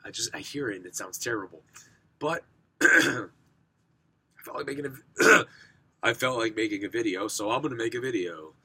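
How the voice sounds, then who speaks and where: Hoarse, rambling young man. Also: medium pitch, normal speed, pauses often, sharp tone. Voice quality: rough, smoker-sounding voice. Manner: rambling, self-correcting, frequent throat clearing. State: hoarse from recovering sickness. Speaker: game collector vlogger. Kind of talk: casual collection showcase.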